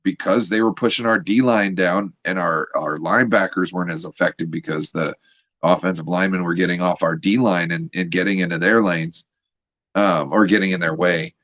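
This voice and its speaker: A man joining a sports chat as a guest, telling an animated story as a frustrated fan. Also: low voice, a little fast, no room sound, dull audio. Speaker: guest co-host.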